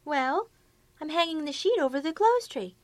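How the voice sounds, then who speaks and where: A naive young secretary with a very high, breathy voice. Her lines swing widely up and down, delivered in a dry, close 1950s radio sitcom style. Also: lively intonation, moderate pace, no echo. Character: scatterbrained young woman secretary, sweet and naive.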